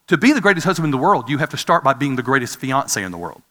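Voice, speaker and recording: Male preacher, 40s, chatty sermon style, bright edge, echo of a big hall. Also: fairly high pitch, sing-song, fast talker. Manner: conversational, asks the audience questions. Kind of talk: sermon with personal story. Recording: reverberant hall.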